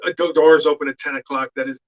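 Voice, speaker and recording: A middle-aged man telling stories in a casual chat, animated and loud when he acts out what others said. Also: on the high side, fast, lo-fi sound. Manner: animated storyteller who shouts out quoted lines. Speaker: guest actor.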